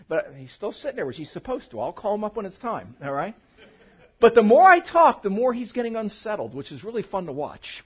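A man preaching a sermon to his congregation in church, talking in a conversational, animated way and mixing humor with teaching. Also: high-pitched, a little fast, breathy edge, highs cut off. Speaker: pastor. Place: church sanctuary.

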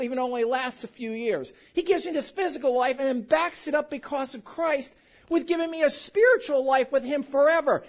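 A pastor preaching a sermon in a church, animated and quizzing the congregation with call-and-response questions. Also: male voice, extremely high pitch. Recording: dull lo-fi recording.

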